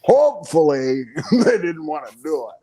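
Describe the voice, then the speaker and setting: An older man who is a guest on an interview podcast, telling stories in a casual, animated way, chuckling often and acting out the quoted voices. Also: on the high side, moderate pace. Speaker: interview guest, retired pro wrestler.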